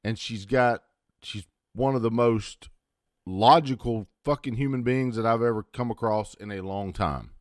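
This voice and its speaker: A medium-pitched man in his fifties speaks a little slowly as he hosts his channel, cursing heavily and tossing in sarcastic remarks during a defiant political rant. The recording is clean studio sound without echo.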